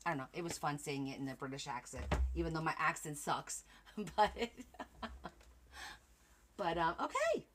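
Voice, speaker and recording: A woman's voice: deep voice, sing-song, normal speed, pauses often, a bit bright, slight background noise. A woman hosting a crafting livestream late in the day, chatting casually with viewers by name and sounding tired. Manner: chatty, addresses viewers by name, trails off and restarts. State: tired at the end of a long day.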